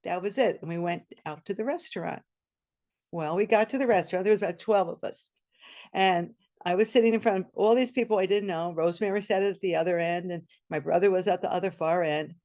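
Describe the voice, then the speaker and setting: A woman telling a personal story at a storytelling event, animated and acting out the scene, over a video call. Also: lowish voice, brisk. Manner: animated, laughing, acts out the scene. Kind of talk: personal story told live. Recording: muffled video-call audio.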